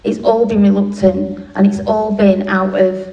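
A woman's voice: medium pitch, flat delivery, measured pace, dark tone, lo-fi sound. Blunt woman sharing, echoey room. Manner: blunt, swearing, self-mocking humour. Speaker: speaker sharing at a recovery meeting. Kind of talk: candid comic recovery share. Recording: echoey room, distant mic, faint noise.

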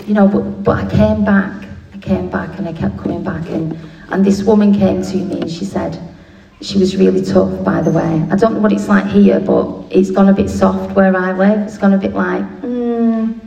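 A woman telling her recovery story with blunt, swearing, self-mocking humour. Her voice is mellow and dark. It sounds like a roomy hall picked up from a distance, with a faint hiss under it. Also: medium pitch, fairly even intonation, moderate pace, gravelly, lo-fi sound. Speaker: speaker sharing at a recovery meeting. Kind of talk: candid comic recovery share. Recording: echoey room, distant mic, faint noise.

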